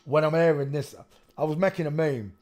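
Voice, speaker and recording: A man's voice: fairly high pitch, a little fast, a little mellow. A man giving rambling casual commentary while reviewing a video. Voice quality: rambling, musing, with frequent restarts and asides.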